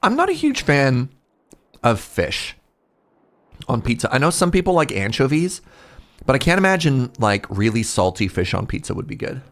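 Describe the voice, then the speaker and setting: A male streamer in casual chat with his viewers, rambling and cutting himself off, with sudden animated outbursts. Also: medium pitch, normal speed.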